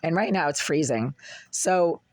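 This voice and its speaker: Bundled under a blanket in a cold apartment, a hoarse tenant records a casual vlog complaint in an unhurried, expressive mid-range voice. Aggrieved and rambling, he clears his throat along the way, and the sound is dry and close with no room sound.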